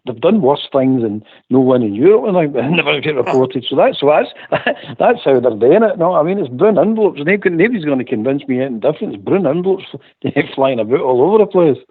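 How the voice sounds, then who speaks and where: A man calling in to a radio phone-in, talking fast and repeating himself. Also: a little high, sing-song, breathy edge, no room sound. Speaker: caller. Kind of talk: casual phone-in chat. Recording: tinny dry phone line.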